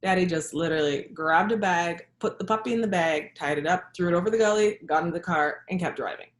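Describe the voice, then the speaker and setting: A middle-aged Jamaican woman who is a health practitioner and yoga teacher shares a personal story, reflective and halting, with soft laughs. Her voice sits on the low side, recorded in an echoey room.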